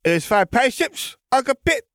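A man voicing an excited toddler boy in baby talk for an audiobook. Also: moderate pace, dry recording, clean studio sound, heavily acted. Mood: eager. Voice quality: high, lisping baby talk. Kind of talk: audiobook character voice.

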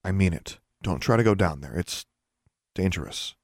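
A man's voice: low-pitched, lively intonation, normal speed, no echo, clean studio sound. Man voicing a teenage witch girl, curt and snappish, clipped delivery, storybook voice. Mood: subdued.

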